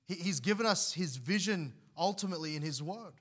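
A man's voice: sits high, animated, a little fast, a bit bright. A man preaching a sermon as pastor, earnest, often restarting and repeating words as he explains scripture.

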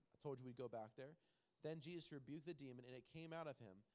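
A man delivers a sermon in a slightly high voice. He speaks as a pastor in a loose, conversational way, repeating his main points for emphasis. He often asks his listeners direct questions.

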